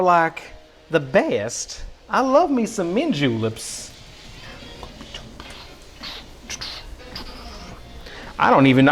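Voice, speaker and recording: A man's voice: fairly high pitch, fairly bright tone. A man doing a put-on, exaggerated Southern drawl as a folksy, hospitable cook while chatting on a cooking livestream.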